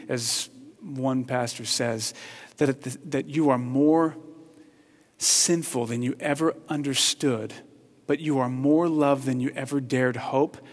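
Passionate preacher in a reverberant hall. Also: male voice, medium pitch. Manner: passionate, swings from hushed to loud. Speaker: pastor. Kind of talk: sermon.

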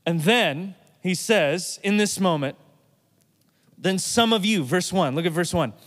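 A man's voice: high voice, lively intonation, a little slow, a bit bright, long reverb tail. A man, a pastor, giving a casual, joking sermon that retells scripture in everyday slang.

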